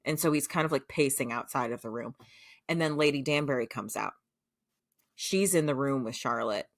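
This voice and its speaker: A woman co-host from the United States with a strikingly deep, low voice, retelling a show's plot in loose, casual chat. She curses freely and peppers her talk with "like" and "um". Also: moderate pace, dry recording, clean studio sound. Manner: chatty, swears freely, heavy use of fillers like "like" and "um". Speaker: podcast co-host. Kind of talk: casual chat recapping a show.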